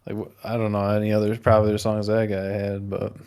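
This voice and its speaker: A man's voice: on the low side, completely flat delivery, a little fast, darkish tone, smooth. A man chatting on a casual podcast, easygoing and wry, often speaking in short remarks. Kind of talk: casual chat.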